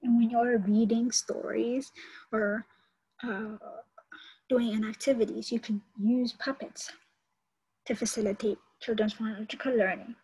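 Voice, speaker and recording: Breathy woman explaining a lesson. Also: a little high, little pitch movement, a little slow, dark tone, low-quality recording. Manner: explains step by step, repeats key points. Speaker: college instructor. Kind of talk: online lecture on teaching.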